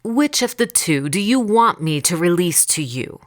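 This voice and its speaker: A woman's voice: lowish voice, animated, unhurried. A woman voicing a stern but uneasy male Roman governor who pleads and reasons with a crowd. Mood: questioning.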